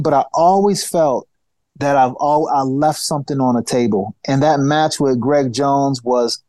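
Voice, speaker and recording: A man telling stories in a casual interview, animated and full of restarts, acting out the people he quotes. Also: a little high, no echo. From United States. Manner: animated storyteller, acts out quoted voices, restarts often. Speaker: podcast guest, former fighter.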